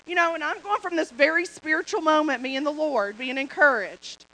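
Woman preacher, high bright voice, animated testimony, lots of repeated phrases. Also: a little fast, poor audio. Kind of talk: sermon testimony.

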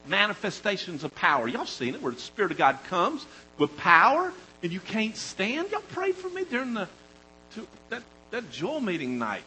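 A man preaching a sermon, talking to the congregation in an animated, conversational way that swings from loud emphasis to quiet storytelling. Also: high voice, normal speed, a little hiss or hum, poor audio.

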